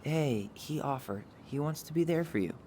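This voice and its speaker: A man's voice: fairly high pitch, expressive, moderate pace, warm tone, slight background noise, lightly acted. An actor voicing a wry, sarcastic young man in a video game, with a dry joking delivery. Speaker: game character. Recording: game audio with clear music behind.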